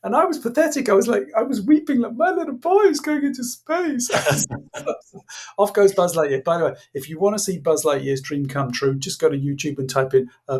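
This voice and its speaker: A man, a podcast guest, telling an animated story and acting out the dialogue, laughing as he goes. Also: mid-range voice. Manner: acts out quoted dialogue, laughs while telling. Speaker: guest, former innovation executive.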